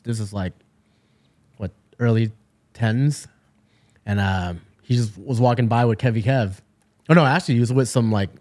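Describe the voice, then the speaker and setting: A man and DJ chatting casually among friends, relaxed and full of fillers as he tells a story. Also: fairly low pitch. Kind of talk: casual chat.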